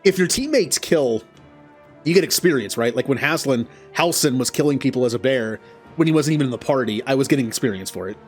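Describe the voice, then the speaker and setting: Male host for a game playthrough: casual, self-deprecating, talks his choices through out loud. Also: medium pitch, expressive, a little fast, faint music behind. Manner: thinking aloud, chuckling, self-deprecating. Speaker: gaming channel host. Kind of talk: let's play commentary.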